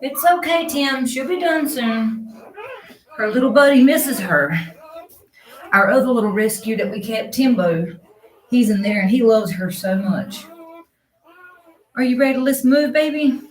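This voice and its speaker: A young woman, tired from being up all night, talking softly and coaxing her dog while giving casual running commentary at home. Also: a little high, lively intonation, normal speed, pauses often. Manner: soft, coaxing talk to the dog. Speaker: pet rescuer filming her dog giving birth. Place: room at home with whelping dog. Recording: roomy, distant home recording.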